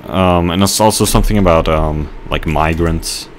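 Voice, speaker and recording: A man giving rambling let's play commentary, telling a halting story with mock outrage while he plays. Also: deep voice, slight background noise. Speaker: gamer.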